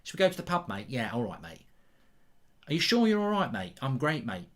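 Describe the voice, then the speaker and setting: A man's voice: medium pitch, big pitch swings, fairly quick, lightly acted. A man putting on a pair of chummy blokes, trading lines in repetitive, sing-song mimicry. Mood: mocking banter. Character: pair of chummy English blokes swapping mates.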